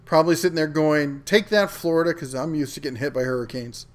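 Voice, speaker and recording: Man, middle-aged, slightly high voice, casual livestream host, reads chat aloud, lots of ums. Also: fairly even intonation, fast. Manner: chatty, reads viewer comments aloud with many ums. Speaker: host of a live tool show reading chat.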